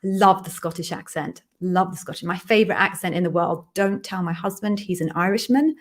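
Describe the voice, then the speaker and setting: Chatty woman hosting a live Q&A. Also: lowish voice. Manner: chatty, quick, self-amused asides. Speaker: host and interview coach. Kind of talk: live Q&A stream. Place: echoey home office being redecorated.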